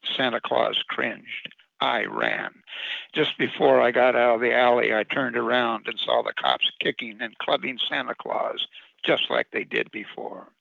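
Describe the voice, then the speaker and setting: Gravelly man reading his own story. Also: mid-range voice, big pitch swings, unhurried, lo-fi sound. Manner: wry, sardonic narration. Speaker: radio commentator and writer.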